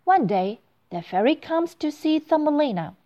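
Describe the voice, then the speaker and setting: A woman reading a children's storybook aloud in a slow, clear, expressive way. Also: high-pitched, highs cut off.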